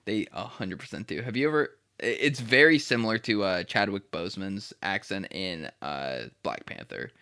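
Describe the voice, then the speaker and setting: A man with a bright, forward voice that swings widely in pitch, bantering crudely on a podcast. He laughs a lot, swears freely and trails off with ums between jokes. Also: lively intonation, normal speed, hardly any pauses, clear, resonant tone. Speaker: podcast co-host.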